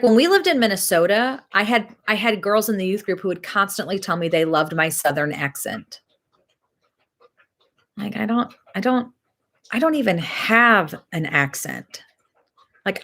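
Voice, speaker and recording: Woman, 30s, casual host chat, rambling, low-pitched. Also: a bit bright. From Missouri. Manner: chatty, rambling, laughs easily.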